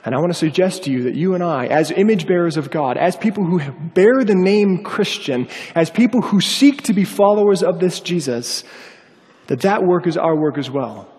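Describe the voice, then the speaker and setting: Animated preacher in a reverberant hall. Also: male voice, high voice, normal speed. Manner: animated, acts out quoted voices. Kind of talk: sermon storytelling.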